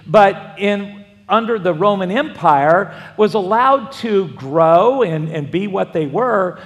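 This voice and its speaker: A man's voice: sits high, creaky. A man, a pastor, preaching a sermon and wandering into folksy personal stories with frequent restarts. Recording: long hall reverb.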